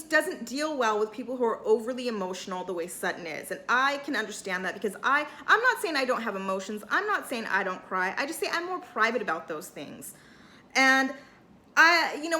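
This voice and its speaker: A woman's voice: sits high, pushed and bright. A woman giving a casual, chatty recap of a reality show, full of "like" and "you know", and acting out what the cast said. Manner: chatty, lots of "like" and "you know", acts out cast members' lines. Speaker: recap host.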